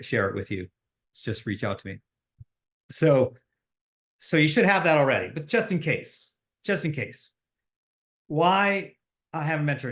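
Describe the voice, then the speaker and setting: A man's voice: on the high side, fairly bright tone. A middle-aged man hosting a podcast, talking casually about mentorship with frequent fillers and restarts. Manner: conversational, many fillers and restarts. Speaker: host.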